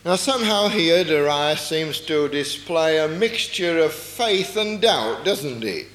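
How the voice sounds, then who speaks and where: A man's voice: a little high, expressive, takes it slowly, a bit bright, a little hiss or hum. A man preaching a sermon, explaining a Bible passage earnestly and often asking rhetorical questions. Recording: echoey hall with long reverb.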